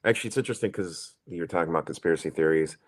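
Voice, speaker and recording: A man's voice: low-pitched, racing. A man, co-hosting a podcast, telling a story in casual, swearing chat and acting out the people in it. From New York. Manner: animated storyteller, swears, acts out quoted people. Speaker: podcast co-host.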